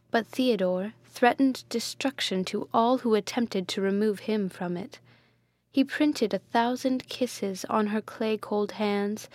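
A woman narrating a gothic novel in a measured, even storytelling voice. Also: medium pitch, dry recording. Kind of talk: audiobook reading of a gothic novel.

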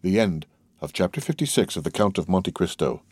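A man with a lowish voice reads a classic novel aloud in a steady, deliberate manner. The recording is close and dry, with no room sound at all. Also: husky, dry recording. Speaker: audiobook narrator. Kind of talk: scripted narration.

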